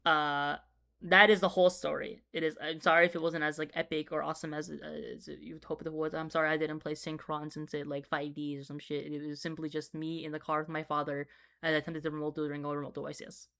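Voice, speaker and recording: A young man telling a story in a casual, rambling way while drawing, swearing often and getting loud and excited in parts. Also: on the high side, fast, gravelly, clean tone. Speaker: video creator.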